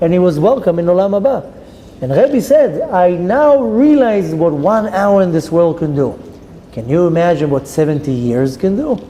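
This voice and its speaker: A rabbi with a high-pitched yet dark-toned voice teaches Torah by telling a story, voicing its people dramatically and slipping in Hebrew terms. Long reverb and faint ambient noise fill the recording.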